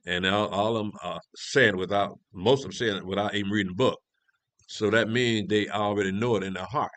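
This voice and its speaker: Fairly quick and fairly even in intonation, a man with a low-leaning voice teaches scripture as an elder in a prophecy class. The tone is fairly bright with no echo. He reads verses, poses rhetorical questions, and talks conversationally, frequently restarting.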